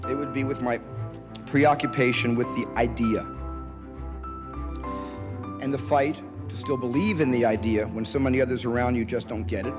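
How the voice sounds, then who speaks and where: A man's voice: medium pitch, steady tone, moderate pace, pauses often. A man, a filmmaker, giving an earnest, reflective prepared speech. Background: music.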